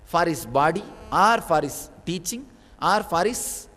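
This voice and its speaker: A man's voice: a little high, lively intonation, a little slow, sharp tone. A man giving a spiritual discourse as a teacher, telling a story with sudden bursts of emphasis. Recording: long reverb of a large hall.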